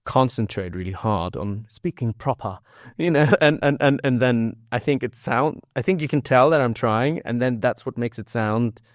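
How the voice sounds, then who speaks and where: Man, from Germany, native German, slight Cologne accent, casual podcast guest, chatty, laughing, halting restarts, mid pitch, dry close sound. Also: no echo. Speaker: voice actor guest.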